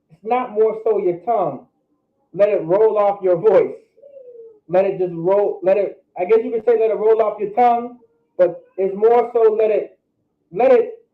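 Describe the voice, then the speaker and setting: A man with a high voice teaches a pronunciation lesson, sounding out syllables slowly and over and over. He is heard from across an echoey room on a tinny, phone-like recording. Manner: slow, repetitive drilling of syllables. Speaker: language teacher.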